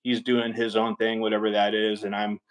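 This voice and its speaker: A man with a Southern California accent, a guest in a casual interview, talking slowly with many ums and you-knows. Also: on the low side, monotone. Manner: slow, mellow, full of ums and you-knows.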